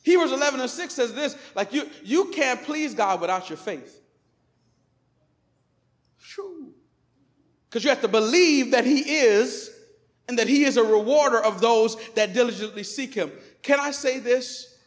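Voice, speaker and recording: A male pastor preaching in a church sanctuary, his voice sitting unusually high for a man. He moves between emphatic, declaring peaks and hushed, conversational asides. The sound rings with the long reverb of a large hall. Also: normal speed. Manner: emphatic preaching, swinging from loud proclamations to quiet asides. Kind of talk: sermon.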